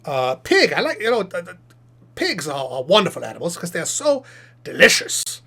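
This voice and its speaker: A man voicing a chatty, self-satisfied male puppet professor who hosts a live stream, reading chat questions aloud and rambling through them with deadpan jokes. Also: high voice, moderate pace, creaky, heavily acted.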